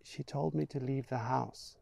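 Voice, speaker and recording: A man's voice: mid-range voice, fairly even intonation, unhurried, creaky, dark tone, no room sound, voice pushed up. A man voicing a small, frightened young boy who speaks in a tiny, near-whispered voice. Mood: small, sad.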